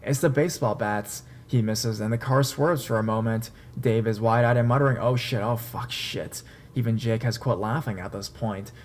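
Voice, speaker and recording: A man narrating a true horror story in a steady, casual storytelling manner. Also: on the low side, moderate pace, hardly any pauses, a little hiss or hum. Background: faint dark background music.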